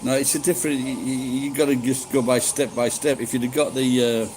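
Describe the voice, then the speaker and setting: A man's voice: medium pitch, little pitch movement, a little fast, a little mellow, slight background noise, poor audio. A middle-aged man chatting casually with live-stream viewers, rambling and swearing freely. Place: living in Japan.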